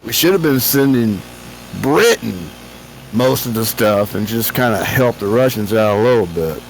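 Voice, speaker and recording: A man's voice: lowish voice, expressive, normal speed, slight background noise, low-quality recording. A man of about seventy hosting a flight-sim stream, chatting casually in a rambling, joking way with many restarts. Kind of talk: casual chat.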